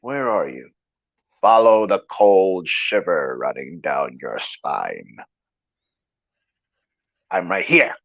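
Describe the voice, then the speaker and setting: A man putting on the voice of a sinister male supervillain, hushed and menacing, on a dull lo-fi recording. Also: low voice, sing-song, slow, creaky, long pauses, dry recording, pitched below the performer's own voice, heavily acted. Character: sinister male movie supervillain taunting in the dark. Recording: dull lo-fi sound.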